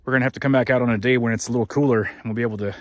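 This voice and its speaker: A man's voice: mid-range voice, steady tone, rapid-fire, no echo. A man hosting a casual vlog outdoors in the hot desert, talking to his viewers in an easygoing, chatty way. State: out of breath. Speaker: vlog host.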